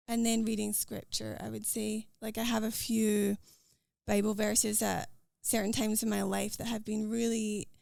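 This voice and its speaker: A woman with a Scottish accent, a podcast guest talking earnestly and quickly about her faith and daily life. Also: mid-range voice, vocal fry, darkish tone, dry recording, studio quality. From Scotland. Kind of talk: casual interview chat.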